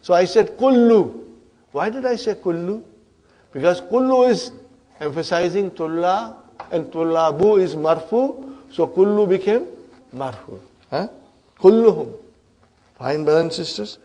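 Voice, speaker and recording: Guy teaching arabic grammar, higher voice, keeps asking huh and checking in with the class. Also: measured pace. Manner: lively, asks "Huh?" and "brothers and sisters" often.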